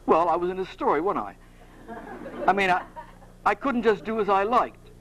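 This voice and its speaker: A man reading aloud, voicing a boastful young hired hero in a rough, slangy manner. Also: on the high side, normal speed, close to an everyday voice, rough recording.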